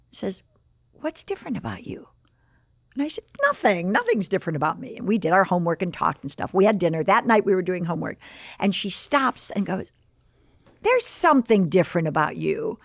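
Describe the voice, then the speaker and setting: A woman's voice: on the low side, brisk, creaky, dry recording, clean studio sound. A woman in her sixties from the Chicago area, telling a personal story as a podcast guest and acting out the quoted dialogue. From Chicago area, USA. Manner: animated, acts out quoted dialogue.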